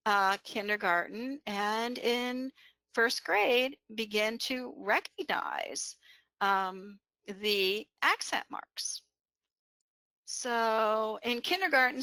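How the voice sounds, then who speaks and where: Presenting a webinar on bilingual education, a woman explains things patiently, using many fillers and checking in with "right?" Her mid-range voice sounds pushed and bright, with no room sound.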